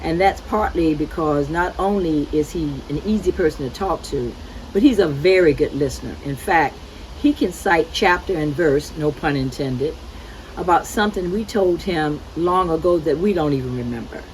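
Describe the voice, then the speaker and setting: A woman's voice: low voice, moderate pace, slight background noise, low-quality recording. A woman on a school board, reading aloud a playful rhyming tribute poem at a retirement celebration. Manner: playful, rhythmic recitation with cheerful teasing.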